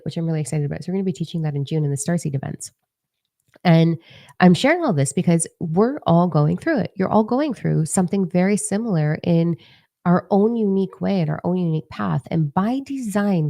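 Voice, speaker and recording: A woman in her forties, a spiritual teacher talking casually and candidly to her followers, swearing freely and breaking into animated asides. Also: lowish voice, vocal fry, dry recording. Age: 40s.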